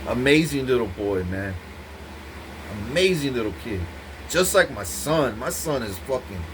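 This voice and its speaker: Man, vlog monologue, intense, profane, rambling, repetitive, mid-pitched voice. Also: background noise. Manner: intense, rambling, repeats himself. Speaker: vlogger speaking to camera.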